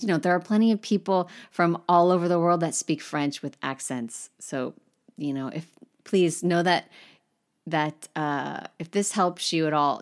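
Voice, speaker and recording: A woman teaching French in a relaxed, encouraging way, sometimes dropping almost to a whisper. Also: sits low. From United States. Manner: friendly, encouraging, drifts into soft near-whispers. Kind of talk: relaxed spoken lesson.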